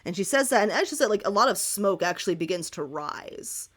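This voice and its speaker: A woman narrating a tabletop game as game master, lively and laughing often. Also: medium pitch, a little fast, slightly rough.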